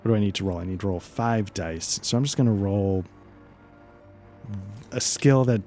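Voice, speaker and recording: A man narrating as game master, relaxed and hesitant, with frequent fillers. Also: fairly low pitch, moderate pace, soft background music.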